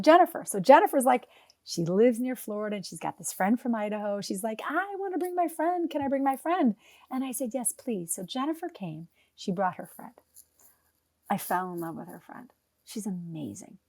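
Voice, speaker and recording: A woman's voice: medium pitch, no room sound. Chatty woman podcast host, dry sound. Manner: chatty, energetic storytelling. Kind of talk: casual podcast interview.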